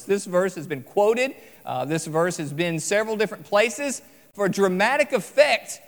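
Preacher guy, kinda high voice, earnest, slows way down on the big lines, lots of hall echo. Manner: earnest, emphatic with slow stressed phrases. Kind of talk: sermon. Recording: long hall reverb.

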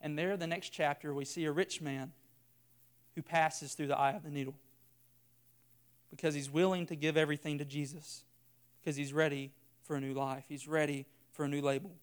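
Male preacher, earnest sermon delivery with repetition, smooth resonant tone. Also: on the high side, fairly even intonation, fairly quick, pauses often. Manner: earnest, builds by repeating phrases.

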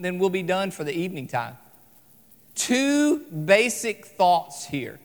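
A man preaching an evening sermon, earnest and emphatic, slowing down to stress key phrases. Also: high voice. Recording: long hall reverb.

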